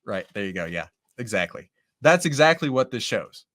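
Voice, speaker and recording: Animated man doing casual market commentary. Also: lowish voice, moderate pace. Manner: lively, animated, talks with chat and charts; says "right?" and "okay?" often. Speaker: host of a live stock trading stream.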